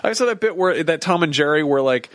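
A man co-hosting a comedy podcast, rambling through stories with swearing and sudden high-pitched quotes. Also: lively intonation, fast talker, fairly bright tone, dry recording. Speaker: podcast co-host. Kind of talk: casual comedic chat.

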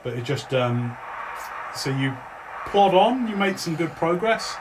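A man running a tabletop game as game master, narrating in a relaxed, meandering way with frequent restarts. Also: fairly high pitch, a little slow, noisy background.

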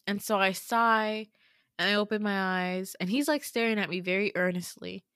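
A woman's voice: medium pitch, moderate pace, a bit bright, clear, resonant tone, dry recording, studio quality. A woman host casually retelling a dream story in a chatty, filler-heavy way. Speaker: podcast host.

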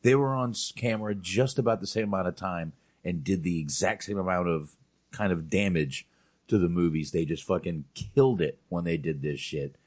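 Low-pitched guy hosting a movie podcast, cusses a lot, pretty hyped. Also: moderate pace, darkish tone. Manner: blunt, profane, enthusiastic. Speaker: podcast co-host. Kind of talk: casual chat about movies.

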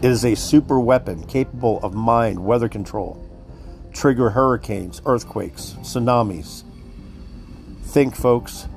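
A man's voice: mid-range voice, unhurried, gravelly, a little mellow, faint music behind. Worked-up man ranting, profane. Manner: heated, profane, repeats "folks". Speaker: commentator. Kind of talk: profane conspiracy rant.

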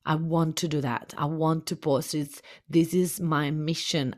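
Low-voiced impassioned woman coach. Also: steady tone, fairly quick, few pauses. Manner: impassioned, repetitive. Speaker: business coach. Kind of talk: motivational podcast talk.

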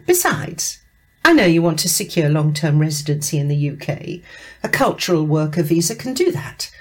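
A woman's voice: low voice, very animated, normal speed, darkish tone. A woman reading a story aloud and voicing a stern, pushy female programme director in a firm, bossy manner. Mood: pressing.

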